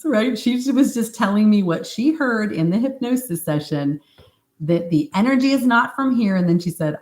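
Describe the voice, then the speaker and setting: A woman practitioner telling a story on a live stream and answering viewer comments in a chatty, informal way, with fillers and asides. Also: moderate pace. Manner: animated retelling, acts out quoted speech in a higher voice. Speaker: hypnosis practitioner.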